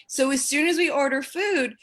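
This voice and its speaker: A woman's voice: high voice, normal speed, a bit bright. A young woman doing stand-up comedy, telling stories in a casual, sardonic way and acting out the people in them. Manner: casual, sardonic storytelling with acted quotes. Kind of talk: stand-up set on a comedy show.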